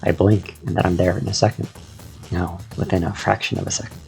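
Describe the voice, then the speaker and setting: A man reading a story aloud in the first person, with a measured, descriptive delivery. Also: low voice, flat delivery, vocal fry, darkish tone, faint music behind. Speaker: narrator.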